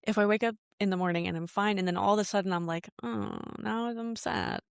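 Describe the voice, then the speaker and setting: A woman's voice: medium pitch, steady tone, very fast, clean tone, dry recording. Earnest woman podcast host, dry close sound. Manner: earnest, reflective, quotes her own thoughts. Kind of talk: casual podcast chat.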